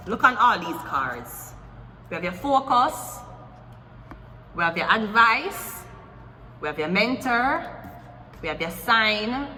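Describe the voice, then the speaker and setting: A woman's voice: medium pitch, sharp tone. A woman giving a casual tarot reading, talking bluntly and teasing the viewer as she goes through the cards. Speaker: tarot reader. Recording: echoey room with long reverb, faint music.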